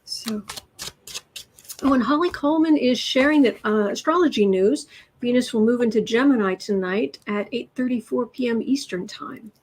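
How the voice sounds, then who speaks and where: A woman's voice: fairly high pitch, moderate pace, darkish tone, poor audio. A woman hosting a tarot livestream in a casual, rambling way, greeting viewers from the chat and chatting as she goes. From United States.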